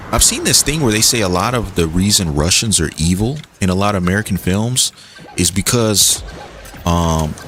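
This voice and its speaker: This gaming streamer has a low-pitched voice and chats casually with his audience mid-game. Animated and joking, he reads messages and responds to them over slight background noise.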